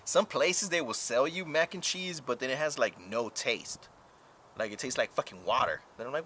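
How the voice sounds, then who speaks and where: Male streamer, casual chat, profane and rambling, bright forceful tone, faint background hiss. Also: mid-range voice, sing-song. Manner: drawn-out filler-heavy talk. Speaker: live streamer.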